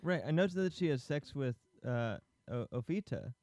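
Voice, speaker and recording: A man in relaxed podcast banter asks questions about a film and curses cheerfully at his own mistakes. His voice is dry and close to the mic. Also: medium pitch, normal speed, no room sound. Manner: swears freely, jokey and self-deprecating. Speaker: podcast co-host. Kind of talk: casual film discussion.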